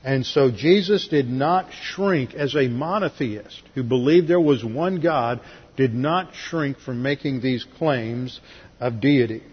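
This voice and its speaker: Husky-voiced man teaching scripture, echoing hall. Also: mid-range voice, slow pace. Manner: methodical, cites verses, dry asides. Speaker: pastor teaching Bible class. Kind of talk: expository Bible teaching. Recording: lo-fi recording, long hall reverb.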